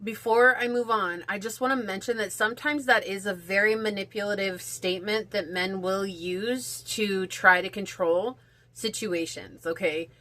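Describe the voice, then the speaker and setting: Bright, chatty woman reading tarot. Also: medium pitch, fairly even intonation, moderate pace. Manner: chatty, rambling, heavy use of "like". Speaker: tarot reader. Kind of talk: casual pick-a-card tarot reading.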